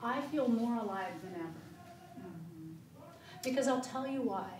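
A woman giving an animated testimony and teaching in a Sunday school class, speaking emphatically in a church room. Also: fairly high pitch, moderate pace, noisy background. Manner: animated, emphatic storytelling with laughs. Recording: echoey room, far from the mic.

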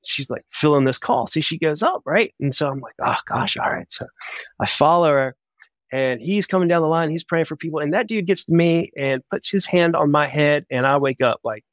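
Man, podcast guest, animated storyteller, quick bursts, dry close sound. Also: on the high side, no echo. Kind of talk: casual interview storytelling.

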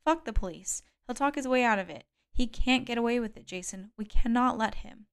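A woman's voice: a little high, brisk, clear, resonant tone, close to an everyday voice. A woman reading an audiobook, voicing an intense young woman who insists fervently on revenge. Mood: fierce.

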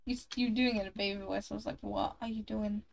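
A woman's voice: medium pitch, steady tone, quick pace, vocal fry. A woman streaming a game, chatting casually, swearing freely and teasing her friends. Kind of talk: casual chat while gaming.

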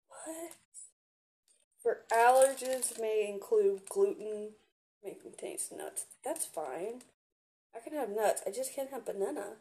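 A young woman unboxing gifts in a vlog, gushing and excitable, gasping and giggling as she talks. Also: a little high, takes it slowly, husky. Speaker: vlogger opening gifts.

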